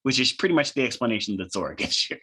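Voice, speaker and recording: A man's voice: mid-range voice, animated, racing, bright, forceful tone, slightly rough. A man running a tabletop game as game master, narrating loosely with frequent ums and uhs.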